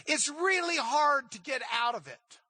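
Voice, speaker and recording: A man teaching a Bible class, emphatic and animated, often repeating words when excited. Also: extremely high pitch, a little slow, dry recording.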